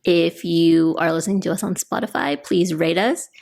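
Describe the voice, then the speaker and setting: A woman's voice: on the low side, expressive, moderate pace, vocal fry, darkish tone. A young woman co-hosting a podcast, chatting casually and laughing often. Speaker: podcast co-host.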